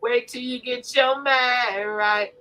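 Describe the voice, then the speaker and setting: An older woman hosting a casual live stream, loud and profane, often laughing as she trash-talks. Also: on the high side, fairly even intonation, slow, poor audio. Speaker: livestream host.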